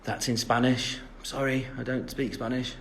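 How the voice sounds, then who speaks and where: A man's voice: medium pitch, little pitch movement, moderate pace, fairly bright tone, slight background noise. A young man with an English accent answering fan questions in a rambling, chatty, self-deprecating live-stream chat full of fillers, into a phone mic. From England. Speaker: livestream host reading fan questions.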